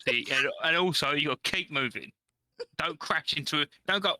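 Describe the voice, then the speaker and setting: A man's voice: a little high, moderate pace, sharp tone, no echo. A man co-hosting a casual podcast chat, cheeky and jokey, swearing casually. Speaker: podcast co-host.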